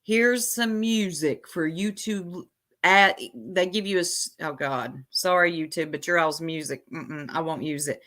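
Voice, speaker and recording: A woman's voice: deep voice, unhurried, a bit bright. A woman hosting her own livestream, casually chatting and teasing her viewers in a sassy way. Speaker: livestream host.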